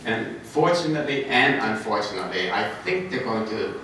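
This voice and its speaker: An older man, a guest on a convention panel, tells rambling stories during Q&A, chuckling and restarting his sentences often. His lowish voice is sing-song and sharp, at a moderate pace. The recording comes from far off in a large, echoey, noisy convention hall.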